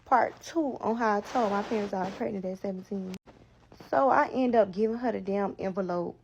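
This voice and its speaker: A woman's voice: medium pitch, a little fast, dull audio, slight background noise. Profane storytelling South Florida woman. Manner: animated, profane, slangy. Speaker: guest. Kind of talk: casual storytelling.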